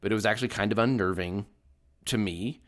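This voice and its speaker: A man's voice: on the low side, fairly quick, fairly bright tone. A middle-aged man hosting a podcast, telling a scripted story with wry, dry humor. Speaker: podcast host.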